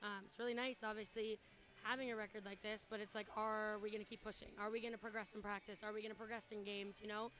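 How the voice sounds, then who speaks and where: A woman's voice: medium pitch, level tone, fast, a bit bright. A woman volleyball coach in a post-game interview, out of breath and talking casually with many fillers.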